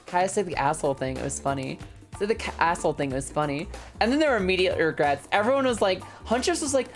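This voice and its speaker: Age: adult. Sex: female. Style: excitable, laughing livestream chat. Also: on the low side, quick pace, faint music behind. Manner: excitable, laughs often, profane. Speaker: streamer. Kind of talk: casual livestream chat while gaming.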